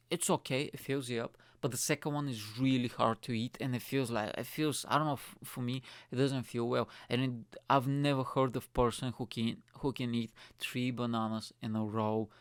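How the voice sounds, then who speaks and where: Young comedian, gravelly and smooth, dry close sound, chatty swearing monologue, "mate" every line. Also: male voice, mid-range voice, dry recording. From Bulgaria. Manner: swears freely, says "mate" constantly, chatty and rambling. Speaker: comedian and podcast host. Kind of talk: casual rambling solo monologue.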